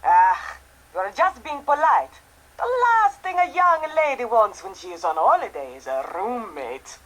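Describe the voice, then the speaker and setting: An actress playing a vain, chatty Venetian landlady in a mystery game, with a lively, theatrical delivery. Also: on the high side, a little slow, exaggerated voice, low-quality recording. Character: tanned Italian landlady in Venice, vain, chatty. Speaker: game character.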